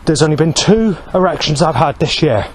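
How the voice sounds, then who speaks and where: A man's voice: a little high, animated, brisk, low-quality recording. A man in his forties talking outdoors beside a road, in an agitated, aggrieved monologue that keeps circling back and restarting. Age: 40s. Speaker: vlogger. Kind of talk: rambling outdoor monologue to camera. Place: outdoors by a road under a bridge. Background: passing traffic.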